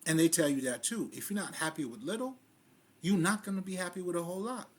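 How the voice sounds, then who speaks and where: Husky, higher-pitched man riffing on spirituality. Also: expressive, fast. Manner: loose, profane, street slang, often laughing. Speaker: spiritual vlogger. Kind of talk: casual spiritual monologue.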